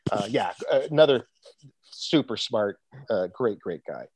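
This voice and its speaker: A man's voice: on the low side, big pitch swings, a little slow, slight background noise. A middle-aged man, an actor, chatting in an interview and telling rambling anecdotes full of fillers and laughs. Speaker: actor guest. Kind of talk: casual interview chat.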